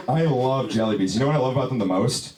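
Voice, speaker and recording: A young man doing a stand-up comedy set in a small lounge, rambling in a laid-back way with plenty of "dude" and "you know". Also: medium pitch. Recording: echoey club, distant mic, loud crowd.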